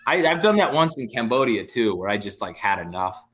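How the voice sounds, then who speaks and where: A man, a comedian, telling a story in casual chat, animated and swearing freely. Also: medium pitch, fairly quick, a crowd in the background. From United States. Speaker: comedian guest.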